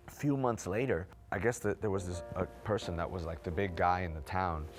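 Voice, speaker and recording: A man telling his personal testimony in a fast, unscripted way, with many fillers and restarts. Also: sits low, fairly even intonation. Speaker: testimony speaker. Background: background music.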